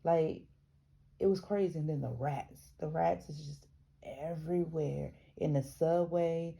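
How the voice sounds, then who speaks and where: This woman from the American South reads a memoir with frequent restarts, self-corrections and chatty digressions. Her low voice is gravelly and dark with a breathy edge, moving at a measured pace.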